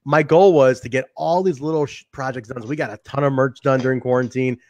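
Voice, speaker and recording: A man's voice: medium pitch, steady tone, fast, a little mellow, dry recording. A man chatting casually with his bandmates over a video call, rambling and full of fillers. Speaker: band member. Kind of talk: casual chat.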